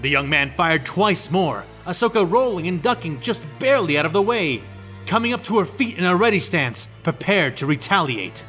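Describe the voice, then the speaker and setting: A man narrating a fan fiction story in a steady, descriptive reading. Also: high-pitched, moderate pace, soft background music.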